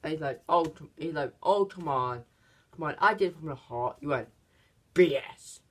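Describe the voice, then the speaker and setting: Casual channel reviewer, unscripted plot retelling, hesitant delivery with frequent restarts, puts on pitched-up voices for quotes. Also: expressive, a bit bright. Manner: halting, many fillers and restarts; acts out quoted lines in higher voices. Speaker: movie reviewer.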